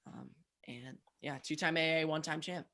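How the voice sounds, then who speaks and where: Rambling young man, slightly high voice. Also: normal speed, pushed and bright. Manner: rambling storyteller, many fillers. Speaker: podcast co-host. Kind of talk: casual chat.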